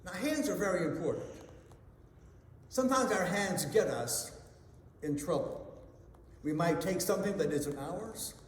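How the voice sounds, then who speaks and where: Slow-speaking pastor man in an echoey hall. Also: expressive, a little hiss or hum. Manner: slow storytelling delivery, drops soft and low at line ends. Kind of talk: devotional sermon with a told joke.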